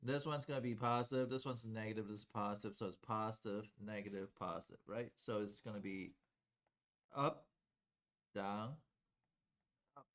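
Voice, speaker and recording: A man with a lowish, fairly bright voice and fairly even intonation teaches calculus at a whiteboard. He moves at a moderate pace with long pauses, explaining steps conversationally and often checking that students are following.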